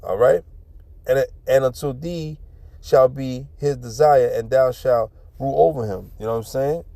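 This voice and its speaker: A man's voice: mid-range voice, moderate pace, vocal fry, mellow, dry recording. A man teaching scripture in an informal, street-talking way, reading verses and then explaining them bluntly with profanity and frequent repetition.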